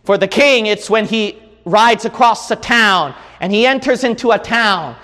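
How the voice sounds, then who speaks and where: A man with a high, ringing voice preaches a sermon, swinging between hushed passages and shouted peaks. The sound hangs in a long, lingering reverb. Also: unhurried. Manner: preaching with rising shouted crescendos. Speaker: pastor.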